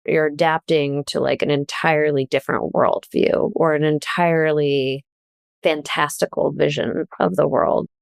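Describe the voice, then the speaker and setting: A woman, a journalist and author, talking as a podcast guest in a casual, animated way, often laughing as she tells stories. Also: low-pitched, moderate pace, vocal fry, smooth, no echo, clean studio sound.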